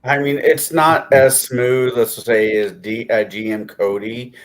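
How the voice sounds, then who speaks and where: A man's voice: medium pitch, little pitch movement, measured pace. A man on a casual livestream, making joking, teasing asides. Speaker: panelist. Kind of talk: casual chat.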